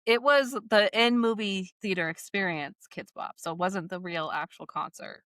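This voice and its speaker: Female podcast co-host, bright and forward tone, dry close mic, teasing banter. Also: mid-range voice, normal speed, dry recording. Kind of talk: casual chat.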